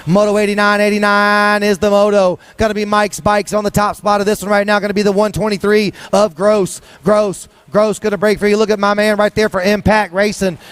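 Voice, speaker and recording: Male race announcer, high voice, rapid rhythmic calling of riders at an outdoor BMX track. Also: flat delivery, fairly bright tone, smooth, dry recording. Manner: rapid-fire rhythmic calling, sing-song hype. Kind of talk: live BMX race commentary.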